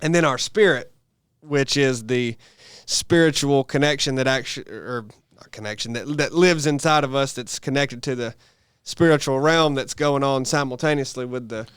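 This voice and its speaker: A man's voice: mid-range voice, moderate pace, few pauses, fairly bright tone, clear, resonant tone, no echo, studio quality. A man, co-hosting a podcast and explaining at length in casual chat, often correcting himself. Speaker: podcast co-host.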